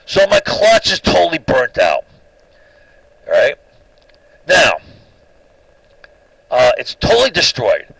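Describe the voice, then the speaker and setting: A man's voice: medium pitch, wildly swooping pitch, takes it slowly, vocal fry, long pauses, a bit bright, no echo, poor audio. A man telling a long personal story in an agitated, suspicious way, rambling and tagging "right?" onto his sentences. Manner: rambling, keeps asking "right?". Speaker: lecturer.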